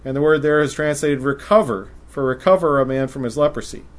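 A man preaching a sermon, speaking in a measured way and reading scripture passages aloud in old-style wording. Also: medium pitch.

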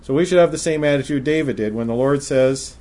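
A man preaching a sermon, speaking in a measured way and reading scripture passages aloud in old-style wording. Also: mid-range voice, mellow.

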